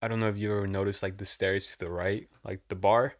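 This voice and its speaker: A man's voice: lowish voice, level tone, quick pace. A young man telling a rambling, profane story in casual chat, saying "dude" and "like" all the time.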